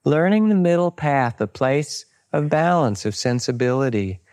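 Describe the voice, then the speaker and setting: Calm male meditation teacher. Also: mid-range voice, normal speed. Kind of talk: dharma talk with personal stories.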